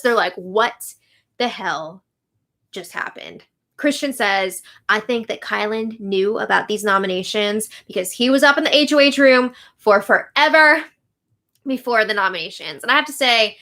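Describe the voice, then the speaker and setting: A young woman hosting a casual recap, chatty and quick to retell what others said. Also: fairly high pitch, sharp tone. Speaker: show update host. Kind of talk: casual recap of a reality show.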